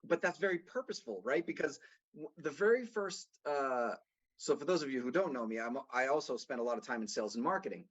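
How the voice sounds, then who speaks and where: A man's voice: medium pitch, animated, fairly quick, husky. A man from Boston with a faint, mostly neutral American accent, telling rambling stories in a casual podcast conversation. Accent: slight Boston, mostly neutral American. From Boston, USA. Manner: rambling storyteller, frequent restarts. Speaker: guest, consultant. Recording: dull lo-fi audio.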